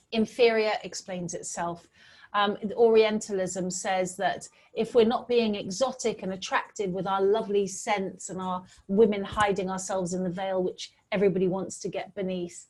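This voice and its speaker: Middle-aged woman from britain giving a talk, earnest storyteller, average pitch. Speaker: public speaker. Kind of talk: talk with slides.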